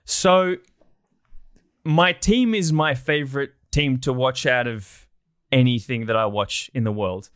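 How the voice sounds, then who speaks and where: A man's voice: medium pitch, a little slow, a bit bright, smooth, no echo, studio quality. An Australian man chatting enthusiastically as a guest in a casual interview. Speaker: guest, documentary producer.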